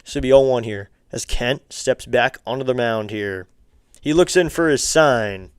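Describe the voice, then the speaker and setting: A man's voice: medium pitch, a little slow, clear, resonant tone, no room sound, studio quality. A man doing casual play-by-play of a baseball game for a live stream, chatting with viewers and asking them for likes and subs.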